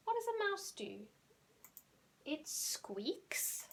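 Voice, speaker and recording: A woman, teaching young children animal sounds in a recorded lesson, speaking slowly and clearly and drawing out the sound words. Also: fairly high pitch, expressive, slight background noise. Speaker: primary school teacher.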